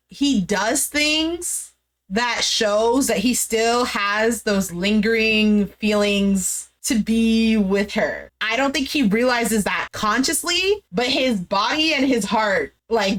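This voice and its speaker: A young woman talks through a show recap in a loose, conversational way. She strings her sentences together with "like" and "you know", retelling what happened in an easygoing, chatty flow. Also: a little high. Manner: chatty, filler-heavy retelling with lots of "like". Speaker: recap vlogger.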